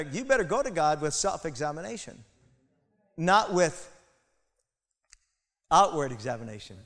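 A man preaching a sermon with passion, building to loud emphatic peaks and turning aside to his congregation. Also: fairly high pitch. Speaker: pastor. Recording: long hall reverb.

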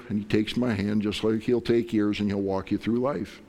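A man's voice: on the low side, fairly even intonation, moderate pace, hardly any pauses, mellow. A middle-aged man preaching a sermon as pastor, impassioned, acting out prayers and God's replies.

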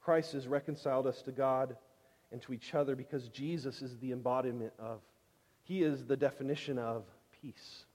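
A man preaching a sermon with emphasis, swinging between loud declarations and hushed lines. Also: medium pitch, fairly even intonation, normal speed. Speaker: pastor. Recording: long hall reverb.

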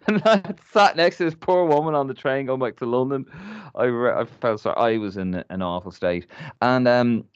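A man's voice: mid-range voice, normal speed, clear, resonant tone, no room sound. A man from Ireland telling a rambling, laugh-filled anecdote in casual podcast chat, swearing freely. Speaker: podcast co-host. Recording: muffled dry recording.

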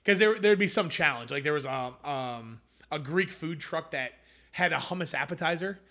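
Animated, bright-voiced young man telling stories. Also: a little high, moderate pace. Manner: animated anecdotes, acts out quoted voices. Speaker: hummus company founder, guest. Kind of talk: casual storytelling interview.

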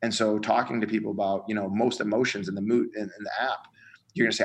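A man's voice: lowish voice, steady tone, fast, vocal fry, rough recording. A man, a college strength coach, explaining his ideas in a casual podcast conversation, earnest and acting out examples as he goes.

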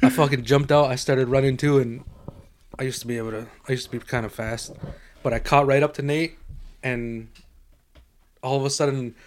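A man co-hosting a loose podcast among friends, telling a long story with heavy swearing. He talks at an ordinary middle pitch and keeps breaking into laughter at his own tale. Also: fairly even intonation, normal speed, long pauses, slight background noise. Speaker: podcast co-host.

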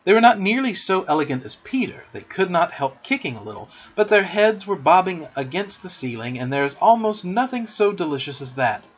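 A man reading a children's storybook aloud as a podcast host, expressive and gentle. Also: on the high side, fairly quick, hardly any pauses, muffled recording.

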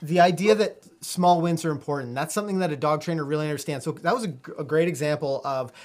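A live-stream host reading out chat messages and thanking viewers, talking in halting starts with many fillers. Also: medium pitch, darkish tone.

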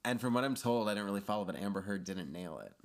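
Chatty man with a lowish voice. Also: fast. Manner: chatty, fills speech with "like". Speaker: podcast guest. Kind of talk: casual chat.

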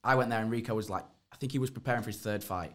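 A man's voice: on the low side, racing, a bit bright. A young man, a podcast guest who tells his fight stories in rambling casual chat, laughing and swearing often.

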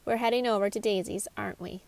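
A dry, suspicious older woman who drawls her words slowly and flatly, as a woman puts her on. Her voice is low and gravelly, in a storybook mystery. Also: close to an everyday voice. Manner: dry and flat.

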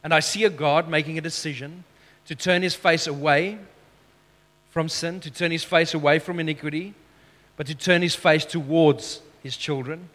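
A man preaching a sermon as pastor, emphatic, slowing down for key phrases, with self-deprecating asides. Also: a little high, steady tone, fairly bright tone, long reverb tail.

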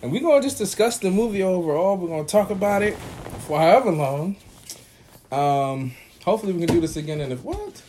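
A man's voice: high voice, animated, fast, mellow, slight background noise. A man hosting a casual podcast with friends, joking and laughing often. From Baltimore. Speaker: podcast host. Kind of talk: casual chat. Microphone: home recording mic.

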